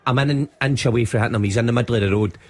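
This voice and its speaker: A man's voice: medium pitch, racing. A Scottish man, a football pundit, telling a funny story on a radio show and laughing as he goes. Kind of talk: animated anecdote on sports radio. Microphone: studio microphone.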